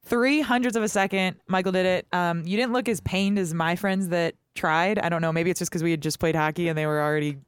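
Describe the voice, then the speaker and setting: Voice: mid-range voice, fast, hardly any pauses, clear, resonant tone, dry recording, studio quality. A podcast host chatting casually and playfully, laughing often.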